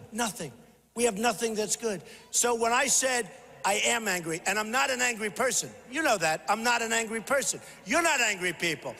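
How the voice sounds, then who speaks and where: An older man giving a punchy, repetitive rally speech to a large crowd, often shouting. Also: extremely high pitch. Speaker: political candidate at a rally. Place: large convention hall. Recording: echoey hall with faint crowd.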